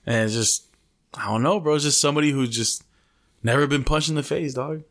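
A man's voice: a little high, fast, a bit bright. A young man co-hosting a podcast, telling long profane stories in a slangy, casual way and dropping Spanish slang into his English. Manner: profane, slangy storytelling full of "bro". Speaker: podcast co-host. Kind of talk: casual chat.

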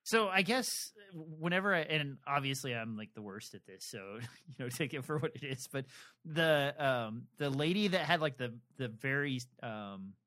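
A man co-hosting a podcast, talking casually and haltingly with many fillers and restarts. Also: medium pitch, lively intonation, sharp tone. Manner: rambling, hesitant, lots of fillers and restarts. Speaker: podcast co-host. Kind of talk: casual chat about a TV adaptation.

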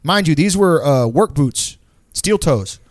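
A man's voice: on the high side, lively intonation, takes it slowly, no echo, studio quality. A young man telling a long, profane, rambling story in casual chat.

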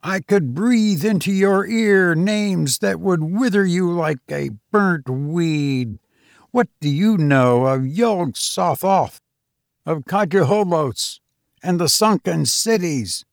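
A man's voice: high-pitched, slow pace, vocal fry, dry recording, clean studio sound, exaggerated voice. A man reading as a raving ageless sorcerer. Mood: raving, contemptuous. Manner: grandiose, ranting. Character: ancient raving male sorcerer, arrogant and scornful.

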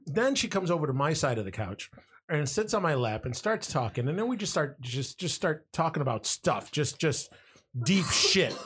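Husky man telling a wild story. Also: on the high side, moderate pace. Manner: animated, swearing, laughs while telling. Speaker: podcast co-host telling a story. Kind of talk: casual storytelling chat.

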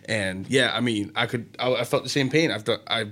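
A man co-hosts a show from a radio studio, talking in a casual, enthusiastic way. He rambles and often restarts his sentences, and his voice sits at an ordinary middle pitch. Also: fairly quick, pushed and bright. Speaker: co-host, wrestling fan. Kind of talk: casual chat.

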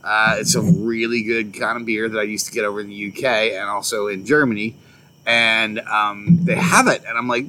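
A man co-hosting a loose, casual podcast, spinning a story and swearing freely as he acts out his friends. His voice is bright and forward. A faint background hum sits under it. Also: fairly low pitch, fairly even intonation, fairly quick, poor audio. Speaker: podcast co-host. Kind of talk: casual chat.

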